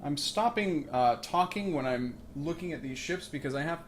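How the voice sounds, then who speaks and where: A man commenting casually on a submarine video game as he plays, drifting into jokes and rambling asides. His voice sits a little high, and a faint noise hums behind him on his makeshift mic setup. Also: expressive, moderate pace. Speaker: let's play host.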